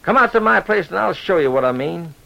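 A man voicing an excitable old rancher who sputters and shouts in agitation. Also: high-pitched, brisk, gravelly, pitched above the performer's own voice, heavily acted. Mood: agitated. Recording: lo-fi old radio recording.

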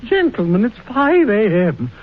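A man's voice: sits high, sing-song, measured pace. A man playing a nervous, polite hotel desk clerk in a 1940s radio play, with a fussy, pleading way of speaking. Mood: fretful, polite. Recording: thin tinny old radio recording.

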